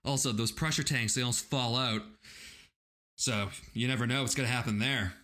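A man's voice: mid-range voice, steady tone, moderate pace, bright, forceful tone. Male podcast host; casual, laughing movie recap.

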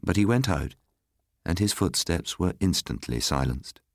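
A man narrating a story aloud in an expressive, storytelling way. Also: low-pitched, unhurried, dry recording, clean studio sound.

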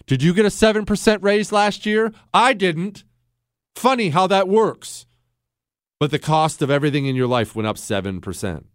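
A man's voice: mid-range voice, clean tone, no echo, clean studio sound. A man hosting a talk show, delivering a combative, sarcastic opinion monologue and acting out imagined conversations. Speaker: radio talk show host.

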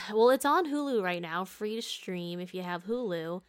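A woman's voice: medium pitch, animated, moderate pace. A young woman talks casually on a podcast, recapping a movie in a candid, laughing way. She swears freely and keeps a loose, unscripted chat going. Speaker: podcast host.

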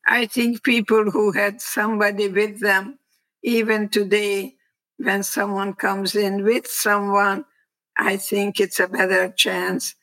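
Slow gravelly older woman. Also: mid-range voice, a bit bright, low-quality recording. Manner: slow, reflective, plainspoken storytelling. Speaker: guest. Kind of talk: personal testimony.

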